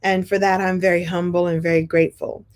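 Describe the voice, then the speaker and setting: A woman in her fifties hosting her own show, telling a story in a casual monologue with warm, playful jumps in pitch. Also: flat delivery, brisk. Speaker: show host.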